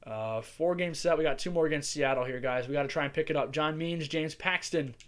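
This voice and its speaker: Casting: man, slightly high voice, casual chatty gameplay commentator thinking out loud. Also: fairly quick. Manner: chatty, musing aloud while playing. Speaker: gaming channel host.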